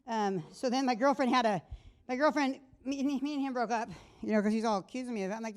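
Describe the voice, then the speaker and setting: A woman's voice: on the high side, fast, a little mellow. Woman, middle-aged, stand-up comic, crude, rambling, self-interrupting, comedy club stage, handheld mic. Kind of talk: stand-up set.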